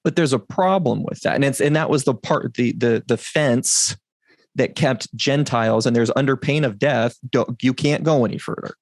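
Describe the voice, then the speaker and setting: Deliberate, emphatic male podcast teacher. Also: mid-range voice, dry recording. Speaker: podcast host.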